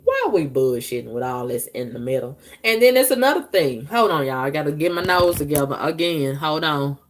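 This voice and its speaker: A woman vlogging, telling her viewers a story in a blunt, profane, animated way. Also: sits low, fairly quick.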